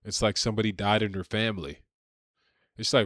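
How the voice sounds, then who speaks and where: A man's voice: on the low side, fairly even intonation, fairly quick, a bit bright, no echo, studio quality. A man giving a combative political rant, repeating himself and leaning on slang. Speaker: political commentator.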